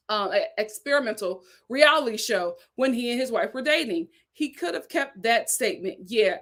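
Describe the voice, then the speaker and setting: A woman hosting a live stream, reading viewer comments aloud and reacting to them in casual, animated chat. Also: on the high side.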